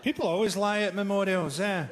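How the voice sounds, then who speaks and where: A man doing live stand-up comedy, with a deadpan, dark, sardonic delivery and mocking impressions. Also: high-pitched, fairly quick. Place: theatre stage before a laughing audience. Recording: live theatre recording with loud crowd noise.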